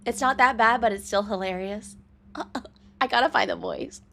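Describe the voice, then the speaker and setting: A woman's voice: a little high, moderate pace, a bit bright, slight background noise. A young woman streaming a game, chatting casually with laughter and profanity, self-mocking.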